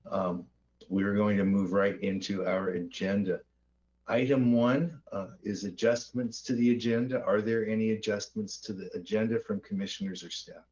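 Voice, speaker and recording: Meeting chair, male, lowish voice, procedural and wry, muffled lo-fi sound. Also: steady tone, normal speed, darkish tone. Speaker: board chair running a public meeting.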